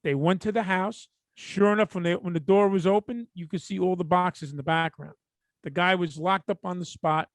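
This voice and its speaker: New guy on a podcast, kinda high voice, swears a lot, acts out the convos, dry close mic. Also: normal speed, no echo. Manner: profane, animated storyteller acting out dialogue. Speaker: podcast co-host. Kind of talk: casual chat, storytelling.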